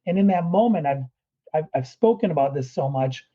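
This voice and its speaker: A man's voice: on the high side, lively intonation, brisk, warm tone, dull audio. A man who is a guest performance coach, talking earnestly through breathing steps in a podcast interview.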